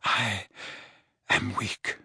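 A man voicing a frail, elderly male headmaster wizard in an audiobook, speaking faintly with a slurred, slow, halting delivery. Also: sharp tone, no echo, clean studio sound, full character voice. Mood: faint, weary. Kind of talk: audiobook character voice.

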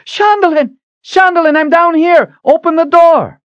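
A man voicing a desperate, fierce young woman leader who shouts at the top of her lungs. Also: very high voice, measured pace, dry recording, highs cut off, voice pushed up. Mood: urgent.

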